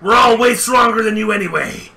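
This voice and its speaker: A man voicing a hulking, hot-headed male warrior in a comedic voice chat role-play, shouting and laughing indignantly. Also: sits high, a little fast, gravelly, full character voice. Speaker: streamer.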